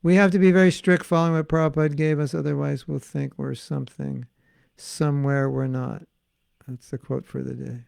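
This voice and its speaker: An American man leads an online class and answers questions in a playful way. His fairly high voice has a gravelly edge. He slips into little acted dialogues and laughs often, and the sound is dry and close. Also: dark tone, dry recording. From United States. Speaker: spiritual teacher.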